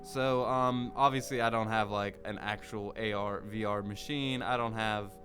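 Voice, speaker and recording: A man's voice: fairly low pitch, steady tone, moderate pace, over music. A young man chatting casually in a vlog about a favorite song, rambling with lots of "like" and some swearing. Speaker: vlogger.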